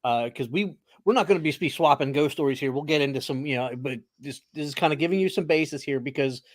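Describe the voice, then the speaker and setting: A man on a podcast talks in a hesitant, casual way, and his voice sits a little high. The sound is dry and close, with no room around it. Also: fast, no echo. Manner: hesitant, filler-heavy. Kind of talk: casual chat.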